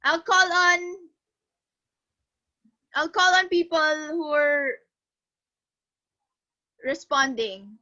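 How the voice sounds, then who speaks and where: A woman's voice: sits high, extremely slow, pauses often. A woman teacher, leading an online class and coaxing students to speak up. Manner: encouraging, animated, coaxing students. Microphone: video call. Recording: muffled lo-fi online class audio.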